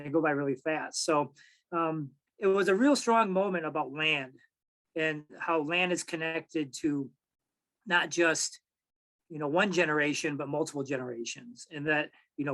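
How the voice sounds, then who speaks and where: A man in his forties from Michigan, telling a personal story at a public talk in an easy, halting way with many pauses and restarts. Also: a little high, bright, forceful tone, poor audio. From Michigan, USA. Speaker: tribal archives director, speaker.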